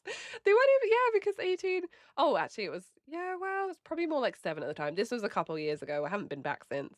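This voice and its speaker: A woman's voice: medium pitch, sing-song, a little fast, dry recording, clean studio sound. A woman in her late twenties with an English accent, chatting casually with her stream viewers, laughing often and swearing freely. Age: late 20s. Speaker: livestreamer.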